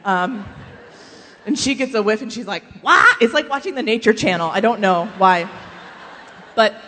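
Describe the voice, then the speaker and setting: A woman giving a humorous faith testimony to a live audience, telling animated stories, acting out other people's voices and laughing often. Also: medium pitch, moderate pace, a little hiss or hum. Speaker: speaker giving a faith talk. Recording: long hall reverb.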